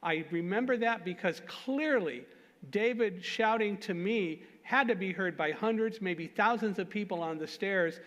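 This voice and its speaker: A man's voice: high voice, measured pace, lo-fi sound. A man speaking at a conference, telling a story with self-deprecating jokes. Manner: animated, self-deprecating jokes, laughs at himself. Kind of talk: storytelling talk. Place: conference hall. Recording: long hall reverb.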